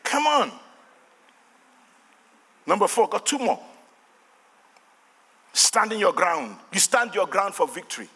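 An older man with a Nigerian accent, a pastor preaching a fervent sermon with shouted refrains and call-and-response, in a church hall with long reverb. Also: sits high, sing-song, slow pace, pauses often, breathy edge.

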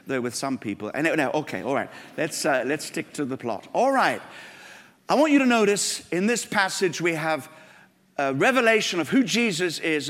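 A man's voice: high voice, fairly bright tone. A man preaching a sermon in a church, earnest and building to emphatic peaks. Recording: long hall reverb.

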